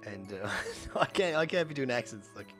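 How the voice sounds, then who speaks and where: A man's voice: medium pitch, lively intonation, moderate pace, fairly bright tone, faint music behind. An Irish man giving casual, rambling speedrun commentary over gameplay, full of fillers and self-corrections. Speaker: streamer.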